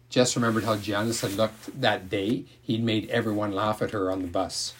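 A man narrating a novel aloud in a calm, measured storytelling manner. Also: on the low side. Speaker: audiobook narrator.

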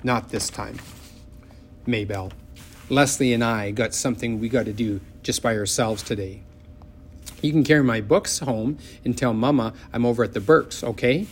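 A man's voice: mid-range voice, moderate pace, slight background noise, close to an everyday voice. A plainspoken country boy, as a man reading a storybook voices him, blunt and stubborn. He talks in a folksy, down-to-earth way.

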